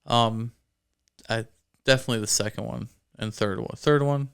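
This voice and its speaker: A man's voice: mid-range voice, steady tone, moderate pace, creaky, fairly bright tone, clear, resonant tone. A man co-hosting a casual movie review chat, laughing easily as he talks. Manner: chatty, laughs often. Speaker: podcast co-host.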